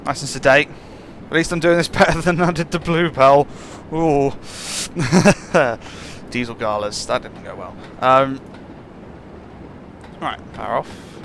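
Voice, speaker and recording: A man's voice: mid-range voice, slow, gravelly, fairly bright tone, slight background noise. A man giving casual, musing commentary while playing a train simulator, chuckling often. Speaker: gameplay channel host.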